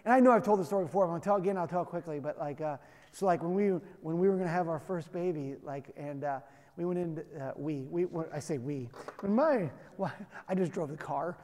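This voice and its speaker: High-voiced man preaching in a reverberant hall. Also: quick pace, darkish tone. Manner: conversational, emphatic, self-deprecating humor. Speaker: pastor. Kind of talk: sermon.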